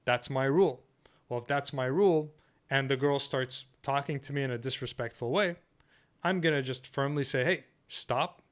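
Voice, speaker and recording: A man leads a workshop lesson with a smooth, clear voice at a middling pitch. He speaks firmly and assertively and keeps checking in with "okay?" and "right?" as he goes. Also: normal speed. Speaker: dating coach.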